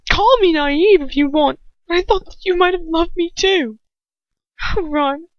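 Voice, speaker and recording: A woman voicing a tearful young woman who pleads in a high voice thick with tears, on a dull lo-fi recording. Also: normal speed, no echo. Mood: pleading.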